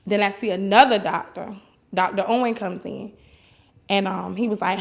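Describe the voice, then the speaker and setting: A woman's voice: mid-range voice, normal speed, gravelly. A young woman, a mother, telling a long personal story in casual, colloquial speech on a podcast and acting out the other people in it. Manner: animated, acts out others' voices in quotes; colloquial, loose grammar.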